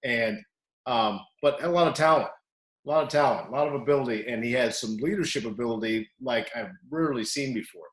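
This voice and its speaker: A male wrestling coach tells stories in an easygoing, animated way, punching up quoted lines with sudden energy. His voice sits in a mid range and carries a noticeable room echo around it. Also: medium pitch, brisk. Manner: animated, acts out quotes loudly. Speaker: wrestling coach, podcast co-host. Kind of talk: casual storytelling chat. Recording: echoey room.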